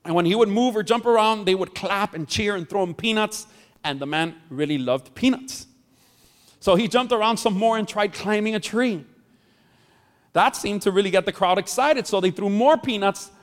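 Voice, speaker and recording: A man's voice: sits high, normal speed. A man preaching a sermon as pastor, telling a story and joking with the congregation. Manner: jokey, chats with the congregation. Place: church hall. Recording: long hall reverb.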